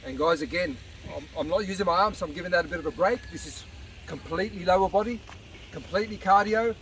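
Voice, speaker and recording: A fitness coach with a high, fairly bright voice speaks at a quick pace while exercising at a beach park. A little breathless, he encourages viewers through a casual workout demonstration, captured on a distant outdoor mic amid traffic noise.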